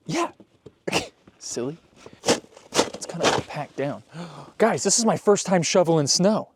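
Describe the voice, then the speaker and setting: A man's voice: a little high, animated, slow pace, long pauses, noisy background. A man vlogging casually outside in the snow, playful and goofy, talking to his dog and his viewers. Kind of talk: casual vlog chat. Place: snowy yard outdoors.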